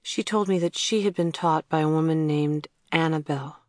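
A storybook narrator voicing a quiet, careful young orphan girl who speaks softly and hesitantly. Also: mid-range voice, normal speed, no room sound, studio quality, lightly acted.

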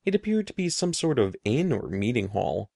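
Man, storybook narrator, lively pitch, dry close sound. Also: moderate pace, gravelly, slightly rough, no echo. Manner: expressive, animated reading. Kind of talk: storybook reading.

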